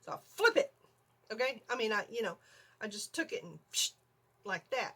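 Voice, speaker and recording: A middle-aged woman, telling an animated story on her vlog, laughing often and acting out her own screams. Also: on the high side, normal speed, breathy edge. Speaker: vlogger.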